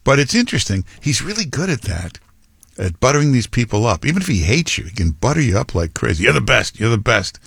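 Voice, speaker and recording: A man's voice: mid-range voice, sing-song, quick pace, slightly rough, no echo, clean studio sound. A man hosting a talk show, delivering rambling, opinionated political commentary. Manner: rambling, opinionated, with quoted impressions. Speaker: talk radio host.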